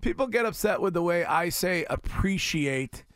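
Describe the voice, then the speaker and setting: A man's voice: sits high, brisk, a bit bright, no room sound. A man hosting a radio show in a studio, with playful, teasing banter and frequent laughs. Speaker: radio host. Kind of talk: casual morning radio chat. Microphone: studio mic.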